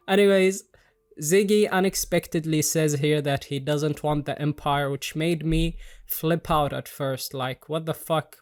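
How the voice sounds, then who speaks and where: A young man reviewing a manga chapter in casual commentary, excitable and jokey, swearing freely and poking fun at himself. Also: on the high side. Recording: faint music underneath.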